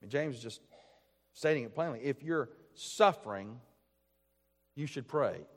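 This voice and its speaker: A man's voice: mid-range voice, expressive, a little slow. A man preaching a sermon as pastor, earnest and emphatic, repeating his key phrases. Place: church sanctuary. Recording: long church reverb.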